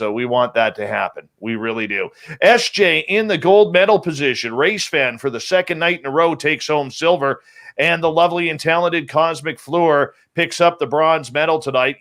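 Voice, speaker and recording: A male show host greeting viewers by name in an upbeat, playful way and jumping up in pitch on names. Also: a bit bright. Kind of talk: livestream show opener, greeting chat viewers.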